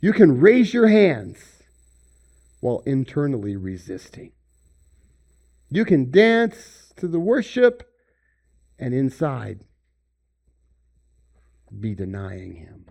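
A man preaching a sermon, swinging between loud emphasis and hushed near-whispers. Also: mid-range voice, huge pitch swings, takes it slowly, gravelly, long pauses. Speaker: pastor.

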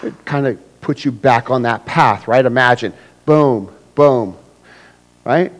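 A male pastor delivering an animated sermon. He swings between big, almost shouted bursts when he acts things out and quiet, low-voiced stretches when he gets serious. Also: slow, poor audio. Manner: animated, acts out scenes with sudden loud bursts; drops to a hushed low voice for serious points.

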